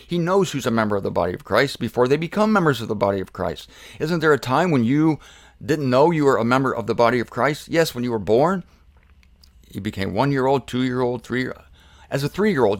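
A man's voice: mid-range voice, no room sound. A man preaching a sermon, emphatic, posing rhetorical questions and answering them himself.

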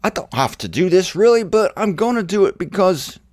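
A man's voice: sits high, big pitch swings, brisk, a little mellow, no echo, clean studio sound, pitched above the performer's own voice. A man voicing God as a jaunty, condescending deity with a put-on accent. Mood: playful. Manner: theatrical, breezy and condescending.

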